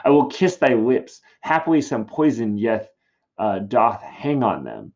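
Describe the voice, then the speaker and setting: A man's voice: medium pitch, very animated, unhurried, a little mellow. A man reading the lines of a grieving young woman aloud from a play, in a dull lo-fi recording. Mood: mournful. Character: grief-stricken young woman, Juliet.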